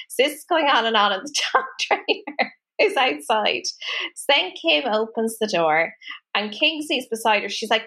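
A woman chats on her podcast in a bright, sharp voice that sits a little high. She tells stories with lots of energy and laughs often. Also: moderate pace. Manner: animated storytelling, laughs often, acts out quotes. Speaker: podcast co-host. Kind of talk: casual chat.

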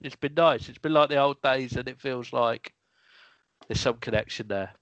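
A man co-hosting a podcast, speaking softly and earnestly in a halting, casual way. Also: mid-range voice, clear, resonant tone, no room sound, dull audio. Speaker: podcast co-host. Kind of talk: casual chat.

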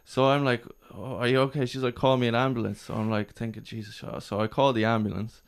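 A man's voice: medium pitch, fast, creaky. A man chatting casually on a podcast, telling a story and acting out the people in it. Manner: animated storyteller acting out quotes. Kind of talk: casual chat, anecdote.

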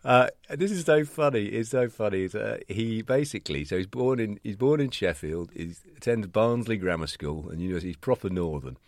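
A man's voice: on the low side, expressive, brisk, few pauses, no room sound, studio quality. A British man co-hosting a podcast, chatting casually and enthusiastically, often laughing. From Britain. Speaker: podcast co-host. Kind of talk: casual chat.

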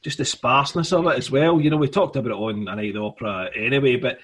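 Husky-voiced male podcast host, middling pitch, rambling casual chat full of fillers. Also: quick pace, fairly bright tone. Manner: rambling, many fillers and restarts.

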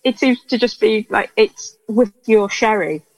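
A woman's voice: a little high, unhurried, poor audio. A woman co-hosting a podcast, chatting casually and hesitantly with lots of fillers and restarts. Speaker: podcast co-host. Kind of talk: casual chat about an old TV series.

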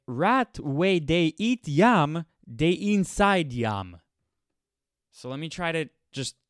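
A man hosts his own podcast alone, rambling in a blunt, offhand way and often restarting his sentences. His voice is smooth and clear. It is recorded dry and close, with no room sound. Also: medium pitch, no echo. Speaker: podcast host. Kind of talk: casual solo podcast monologue.

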